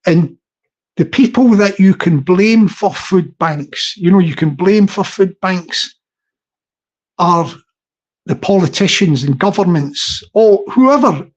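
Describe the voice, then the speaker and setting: A man's voice: high voice, lively intonation, takes it slowly, a little mellow. A middle-aged man with a Scottish accent rambles in a casual live-stream chat as host, drifting between topics. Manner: rambling and digressive, with frequent restarts. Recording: slightly dull lo-fi recording.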